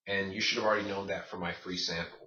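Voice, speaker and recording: A man's voice: deep voice, steady tone, fast talker, pushed and bright. A man teaching a Spanish grammar lesson, explaining step by step and asking his class rhetorical questions. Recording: distant, roomy, muffled.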